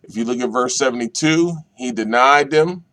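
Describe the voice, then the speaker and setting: A minister reading scripture aloud and explaining it verse by verse, with slow, deliberate delivery and repeated key phrases. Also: male voice, mid-range voice, a bit bright. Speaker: minister leading Bible study.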